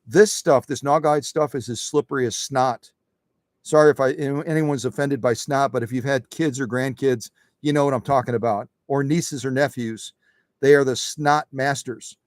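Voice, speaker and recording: A man's voice: mid-range voice, fairly even intonation, normal speed, no room sound, studio quality. A man hosting a sewing machine live stream in a workshop, chatty and folksy, often repeating his phrases. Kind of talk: casual demonstration talk.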